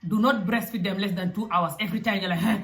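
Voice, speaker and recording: Animated woman with a roomy echo. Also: mid-range voice, fast talker. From Africa. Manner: animated and direct, with acted asides. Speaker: parenting vlogger. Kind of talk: casual advice talk. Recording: echoey room.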